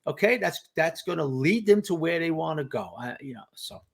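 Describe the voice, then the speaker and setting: A man's voice: a little high, animated, moderate pace, vocal fry. A man, a guest insider on a sports podcast, talking emphatically and telling stories with lots of "you know" and "okay". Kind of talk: casual sports podcast chat.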